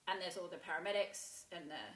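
A woman telling a painful personal story in a halting way, with many restarts and fillers. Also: on the low side, fairly bright tone. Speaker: guest sharing a personal story. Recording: roomy echo.

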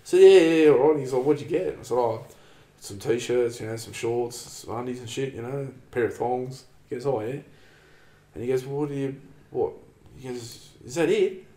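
Man, Australian accent, casual storytelling, rambling, sweary, mid-pitched voice, echoey room. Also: moderate pace, warm tone.

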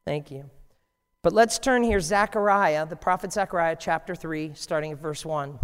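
A man preaching a sermon, animated and jokey, acting out voices from scripture. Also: high-pitched, moderate pace, clear, resonant tone. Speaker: pastor. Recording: long hall reverb.

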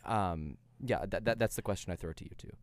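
A man's voice: low-pitched, a little fast, dry recording. A man hosting a casual podcast chat, joking and laughing, often stumbling over his words. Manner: joking, stammering restarts, bursts of laughter. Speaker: podcast host.

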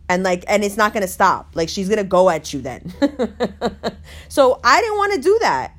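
A woman telling a story in casual chat, animated and full of swearing. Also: mid-range voice, moderate pace.

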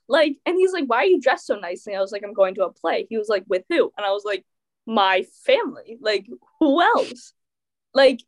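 Teenage girl, casual chat, animated storytelling, lots of fillers, slightly high voice. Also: normal speed. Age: teens. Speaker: teen guest.

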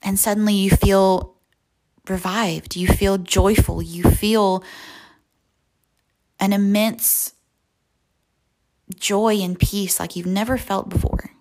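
A young woman hosting a devotional podcast, slowly and softly guiding a visualization, sometimes dropping to a whisper. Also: mid-range voice, fairly even intonation. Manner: slow, soft and reflective, often near a whisper. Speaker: podcast host. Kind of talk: guided visualization and devotional talk.

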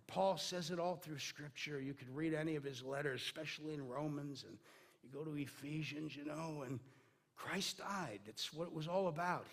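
Male pastor, somewhat high voice, chatty sermon delivery with fillers and restarts. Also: creaky, slightly rough. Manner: conversational, with many fillers and restarts.

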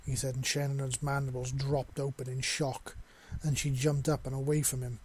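A man reads a science fiction story aloud in a steady, plain way. His voice is mid-pitched for a man, neither high nor low. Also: normal speed, hardly any pauses, slightly rough. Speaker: narrator. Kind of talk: storybook reading.

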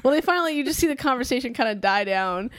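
A woman in her thirties co-hosting a podcast, telling a story in a casual, animated way and laughing often. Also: high voice, fast talker, clear, resonant tone, no room sound, clean studio sound. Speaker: podcast co-host. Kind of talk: casual chat.

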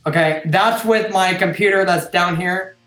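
A man's voice: high-pitched, normal speed, a bit bright, dry recording, soft background music. A man hosting a casual live stream and reading viewer comments into a desk microphone, rambling and chatty, with laughs and restarts. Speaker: host and admin of a trucking group. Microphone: desktop microphone.

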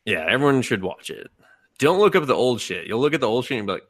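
He talks fast in a mid-range voice, recorded at studio quality without echo. Co-hosting a podcast, he recaps anime in easygoing chat, telling it animatedly and acting out profane quotes with laughter.

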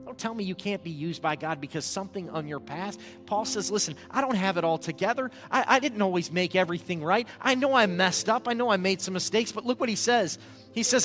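A man preaching a sermon as pastor, moving from hushed, intimate passages to loud exhortation and calling on the congregation to repeat after him. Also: high-pitched, lively intonation, fast, faint music behind. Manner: repeats words, calls on the congregation to respond.

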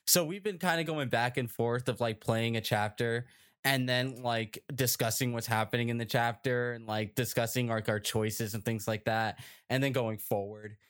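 A man's voice: mid-range voice, moderate pace, smooth. Chatty male podcast host, full of "right?". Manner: animated, chatty, with many fillers and tag questions. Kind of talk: casual chat.

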